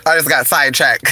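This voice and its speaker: A man's voice: on the high side, heavy background noise. A man hosting a casual livestream, talking in a sassy, campy way and reading his chat. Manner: sassy, campy, drawn-out and expressive. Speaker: channel host reading live chat.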